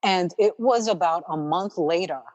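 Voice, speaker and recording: A woman with a New York accent speaks in a low voice, with a long reverb hanging on her words. She tells her story warmly and chattily as a podcast guest. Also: normal speed, dull audio. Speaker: guest, makeup artist. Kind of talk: casual storytelling interview.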